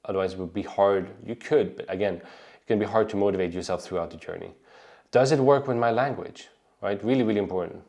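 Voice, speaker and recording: Deep and a little mellow, this man from Sweden carries a light Swedish accent as he offers casual advice to camera as an online business coach. He's conversational, tagging lines with "right?" and frequently starting sentences over.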